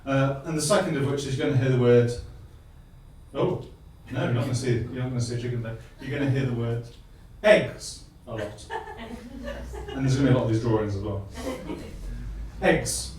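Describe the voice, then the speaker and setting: A man giving a light-hearted science talk on stage, self-deprecating and halting, full of restarts. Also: medium pitch, darkish tone, a little hiss or hum. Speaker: guest speaker. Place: live comedy venue. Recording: echoey hall from far off.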